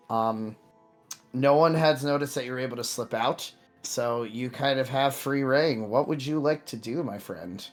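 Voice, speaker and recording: A man running a tabletop game as game master, narrating casually with many fillers. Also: medium pitch. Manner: casual, filler-heavy, relaxed.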